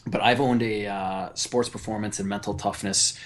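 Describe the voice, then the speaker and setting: A man who coaches athletes, talking on a podcast call from his child's bedroom into a mic on a shelf, relaxed and quick to laugh. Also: lowish voice. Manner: relaxed storyteller, laughs easily. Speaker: guest, performance coach. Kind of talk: remote interview. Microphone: desktop USB mic on a shelf.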